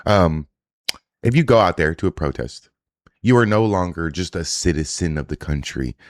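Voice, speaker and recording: A man's voice: low voice, moderate pace, no room sound, studio quality. A man giving blunt, profane reaction commentary on video clips, often sarcastic.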